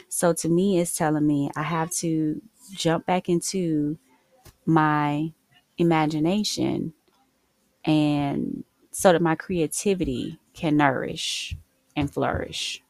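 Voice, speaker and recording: A woman's voice: low voice, steady tone, slow pace, darkish tone, dry recording. A woman talking openly and heartfelt in a casual spiritual vlog, reading oracle cards for her viewers. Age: adult mother of school-age kids. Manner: open, heartfelt, conversational. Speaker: oracle card reader.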